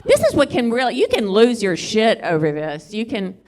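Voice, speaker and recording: A woman's voice: fairly high pitch, wildly swooping pitch, normal speed, a little mellow. A middle-aged woman works a comedy club stage. Her stand-up set rambles from story to story in a self-deprecating way. She keeps turning to chat with the crowd. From Southwest Louisiana.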